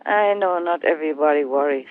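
A woman speaking as a spiritual teacher, talking gently and in a rambling way with hesitations. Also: low-pitched, a little fast, dry recording. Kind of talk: casual talk over a phone line. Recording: tinny phone line, dry.

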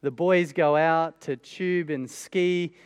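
A man's voice: fairly high pitch, slow pace, clear, resonant tone, big-room sound. A man preaching a sermon in a conversational way, with many rhetorical questions. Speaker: pastor.

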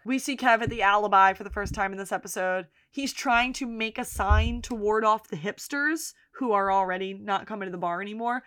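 A woman's voice: mid-range voice, a little fast, hardly any pauses, a bit bright, smooth. A woman co-hosting a podcast, casually retelling a TV episode's plot and quoting its characters, with frequent laughs. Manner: narrates plot, quotes characters, laughs often. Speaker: podcast co-host. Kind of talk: casual recap chat.

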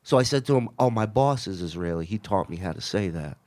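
A man in his thirties or forties telling a profane story in casual chat, deadpan, acting out the people he quotes. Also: fairly low pitch, quick pace.

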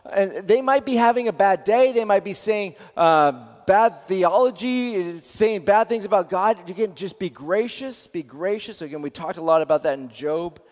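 A man's voice: sits high, normal speed, hardly any pauses, darkish tone, in a large hall. A man teaching in a sermon style, earnest, repeating phrases and often restarting his sentences.

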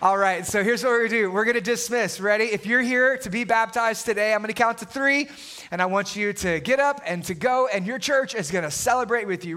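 A male pastor in his thirties preaching a lively, playful sermon to his congregation in a church, on a body mic. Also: sits high, a little fast, a loud crowd, very noisy. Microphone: wireless body mic.

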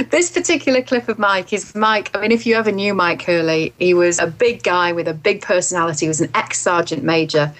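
A woman's voice: fairly low pitch, low-quality recording. A woman voice artist chatting casually about her work, laughing often. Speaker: radio voice artist. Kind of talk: casual chat.

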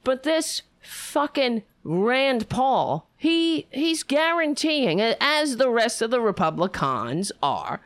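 A woman pours out angry, profane commentary as she reacts to a political clip, throwing sarcastic jabs between her points. Her pitch leaps high and drops low as she vents. The sound is close and dry, with no room echo. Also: very animated, slow, few pauses. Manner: furious, swearing, sarcastic asides.

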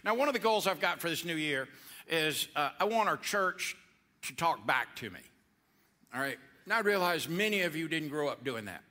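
A man's voice: on the high side, sharp tone. A middle-aged man preaching a playful, interactive sermon to a church congregation and coaxing them to answer back. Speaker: pastor.

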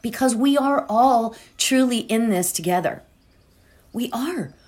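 Woman meditation host, slow and rambling, pitch moving up and down a lot, heartfelt casual talk. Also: lively intonation, darkish tone. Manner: rambling and heartfelt, with many fillers and restarts. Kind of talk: casual spiritual talk before a guided meditation.

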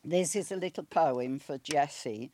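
A woman's voice: low-pitched, unhurried, mellow, a little hiss or hum. A woman in her eighties from Wales with a Welsh accent, telling a personal story in a chatty, rambling way with restarts. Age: 80s.

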